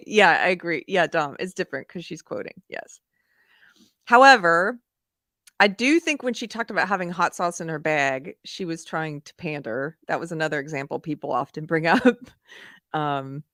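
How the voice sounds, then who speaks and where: Woman, livestream host, casual chatty talk, lowish voice, dry close mic. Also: animated, normal speed, a bit bright, dry recording. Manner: chatty, laughs often, reads chat aloud. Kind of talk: casual live commentary.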